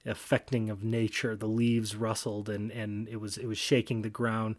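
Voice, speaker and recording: A man's voice: fairly low pitch, completely flat delivery, moderate pace. A man giving casual, reflective commentary on a book he reads aloud, talking eagerly and restarting his phrases. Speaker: book discussion host.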